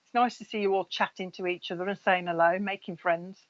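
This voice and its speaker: A woman's voice: lowish voice, steady tone, fairly quick. Chatty woman medium on a livestream. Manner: chatty, friendly, laughs between names. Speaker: spiritual medium hosting live readings. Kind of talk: casual live-stream chat greeting viewers. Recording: slightly dull lo-fi live-stream audio.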